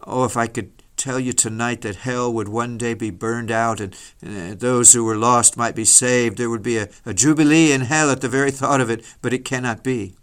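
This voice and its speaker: A man preaching a solemn, dramatic sermon, mostly slow and grave with sudden rises in force. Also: medium pitch, fairly even intonation, fairly bright tone, clear, resonant tone. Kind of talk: sermon reading.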